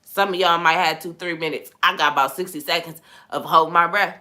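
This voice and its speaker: A young woman hosting a podcast, talking in a relaxed, conversational way about faith and sometimes dropping into a hushed voice when she tells a story. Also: lowish voice, brisk. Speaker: podcast host. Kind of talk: casual spiritual talk.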